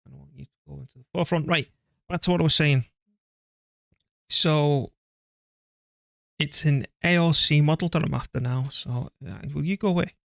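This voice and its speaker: In live gameplay commentary, this man's fairly high, creaky voice moves at a normal speed with long pauses. The sound is clean studio quality with no room sound, as he chats, pokes fun at himself, and answers back to his computer and the strategy game.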